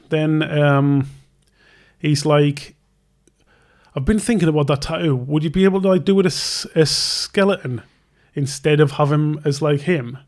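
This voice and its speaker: Slightly slow and darkish in tone, his voice sits on the high side. The young man, who tattoos for a living and hosts a podcast, drifts through a long casual story, breaking into his own sentences, restarting frequently, and performing both halves of the dialogue.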